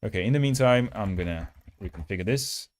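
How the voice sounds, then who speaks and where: A man's voice: on the low side, animated, brisk, slight background noise. A man hosting a coding livestream, chatting casually and reading chat while his build runs, at times holding the mic close in a mock ASMR voice. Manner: chatty and self-mocking, reads chat aloud. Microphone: handheld mic held close.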